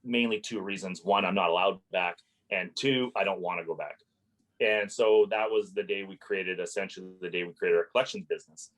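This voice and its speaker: Animated, lower-voiced man telling a story. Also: fairly quick, poor audio. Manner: animated storyteller who swears freely and relives his anger loudly. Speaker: landlord and property investor, podcast guest. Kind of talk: casual storytelling in an interview.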